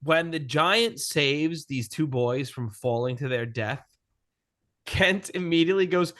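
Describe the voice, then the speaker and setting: A man co-hosting a podcast, talking excitedly about a film and swearing a lot. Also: fairly high pitch, unhurried. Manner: excitable, swings into mocking character voices, swears often. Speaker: podcast co-host. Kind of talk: casual film discussion.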